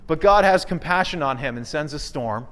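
A man's voice: fairly high pitch, animated, moderate pace, a bit bright. A man preaching a sermon, acting out quoted voices with big swings in delivery. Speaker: pastor.

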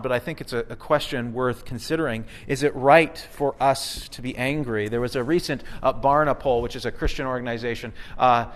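A man's voice: medium pitch, fairly bright tone. A man preaching a sermon, acting out quoted voices with big swings in delivery. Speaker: pastor.

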